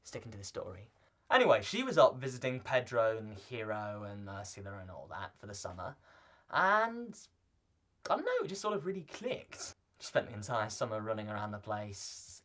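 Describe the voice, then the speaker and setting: A man's voice: lowish voice, wildly swooping pitch, moderate pace, fairly bright tone, full character voice. A young man playing a vlogger who answers viewer questions in a scripted, in-character video. He talks in a playful, joking way and rambles into asides.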